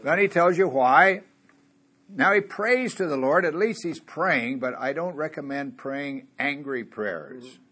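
A man's voice: a little high, expressive, a little slow, sharp tone, breathy edge. A man preaching a conversational sermon in a church, asking his listeners rhetorical questions and chuckling now and then.

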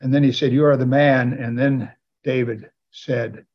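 A man preaching a sermon in a church, animated and building to exclamations and calls for amens. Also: medium pitch, measured pace, muffled recording.

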